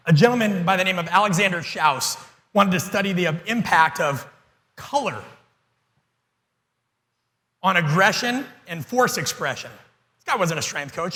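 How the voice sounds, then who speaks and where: A man giving an energetic, blunt and profane seminar talk to coaches as a keynote speaker. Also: high-pitched, moderate pace, pauses often. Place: conference hall. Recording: long hall reverb.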